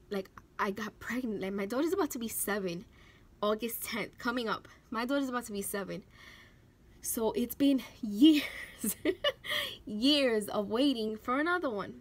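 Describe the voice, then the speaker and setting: On her life vlog, a young woman unhurriedly recounts a personal story in a somewhat high voice. Her telling is emotional and lively, filled with "like" and acted-out quotations.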